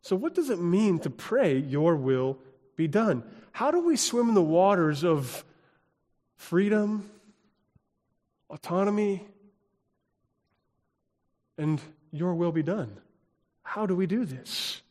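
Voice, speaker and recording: A man's voice: sits high, sing-song, slow pace, pauses often. Emphatic male pastor in a reverberant sanctuary. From United States. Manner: emphatic, building to loud exclamations. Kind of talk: sermon. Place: church sanctuary. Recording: long reverb of a church hall.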